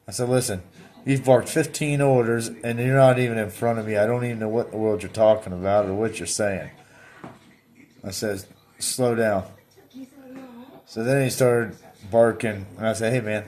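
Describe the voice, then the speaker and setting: A man's voice: fairly low pitch, moderate pace. A man vlogging, telling a story in a blunt, plainspoken way and acting out his own replies. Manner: animated, reenacts his own replies with repeated "I said". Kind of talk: casual storytelling.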